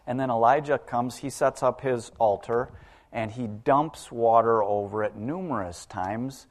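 A man preaching to his congregation in a relaxed, conversational sermon. He often stops to put rhetorical questions to his listeners. His voice sits at a middle pitch for a man. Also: measured pace.

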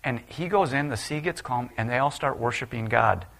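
A middle-aged man delivering a sermon in a mid-pitched voice, telling Bible stories with lively voiced quotes. He swings from quiet, low asides to loud, high outbursts as he plays the people in each story. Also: moderate pace, vocal fry. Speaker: preacher.

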